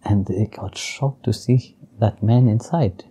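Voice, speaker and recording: Man, spiritual teacher, very low voice, dark mellow tone, gentle halting storytelling. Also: breathy edge. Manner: gentle, halting, restarts phrases. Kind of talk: storytelling in an interview.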